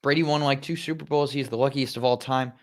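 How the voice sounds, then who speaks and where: A man's voice: medium pitch, steady tone, fast talker. Mild co-host: man, mid-range voice, polite, avoids swearing, casual podcast chat. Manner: mild-mannered, avoids swearing, hesitant restarts.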